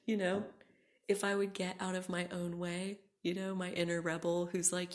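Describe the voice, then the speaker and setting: A young woman hosting a reflective solo podcast, talking casually with many "like"s and often dropping into a soft whisper. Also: fairly low pitch, little pitch movement, normal speed. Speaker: podcast host.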